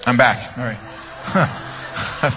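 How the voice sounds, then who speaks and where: A man's voice: medium pitch, very slow, pushed and bright. A man preaching as a guest speaker in a church, telling stories in a playful, rambling way and laughing at his own jokes. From United States. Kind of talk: joking sermon with personal stories. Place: large church sanctuary. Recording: long church-hall reverb with music.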